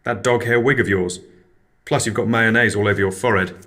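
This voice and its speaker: A man's voice: on the low side, fairly even intonation, a little fast, a bit bright, close to an everyday voice. A man voicing an angry, laid-back fellow who drawls, swears and sounds exasperated. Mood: indignant.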